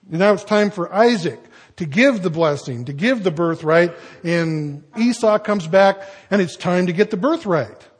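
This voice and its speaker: Husky-voiced preacher, folksy and conversational. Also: male voice, high voice, animated, measured pace, hardly any pauses. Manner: conversational, folksy asides while reading scripture. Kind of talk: sermon.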